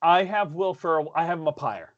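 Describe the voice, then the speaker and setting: A man's voice: on the high side, expressive, a little fast, fairly bright tone, lo-fi sound. A man from Maine, co-hosting a podcast in casual chat, rambling and enthusiastic with many restarts. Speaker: podcast co-host.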